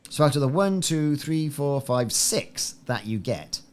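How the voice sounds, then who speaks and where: A man's voice: fairly high pitch, lively intonation, unhurried. A man chatting casually to viewers as a game streamer on a live stream, rambling and repeating himself. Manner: musing, repeats himself often. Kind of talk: live-stream gameplay chat.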